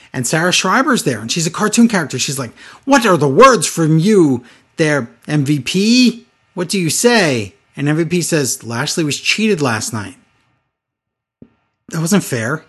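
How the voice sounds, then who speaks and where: Husky sarcastic man recapping. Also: on the high side, a bit bright. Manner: sarcastic, mocking recap with quoted voices. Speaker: podcast co-host recapping wrestling. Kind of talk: casual chat.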